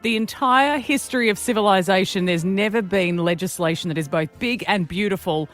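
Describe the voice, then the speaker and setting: A woman's voice: mid-range voice, a little fast, soft background music, voice pushed up, natural voice. A woman host reading a tech billionaire's angry posts aloud in her own voice, with emphatic delivery. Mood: indignant.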